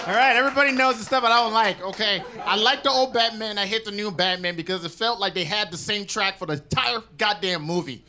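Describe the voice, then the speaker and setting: A man from Nigeria doing improvised stand-up on a club stage, riffing on crowd shouts with mock anger. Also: very high voice, normal speed. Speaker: stand-up comedian. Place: comedy club stage with live audience. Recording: crowd laughter loud behind.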